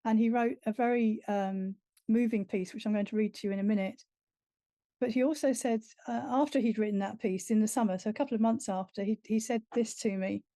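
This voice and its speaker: A woman's voice: a little high, fairly even intonation, brisk, warm tone, no echo. A woman writer giving an earnest, reflective workshop talk about teaching creative writing.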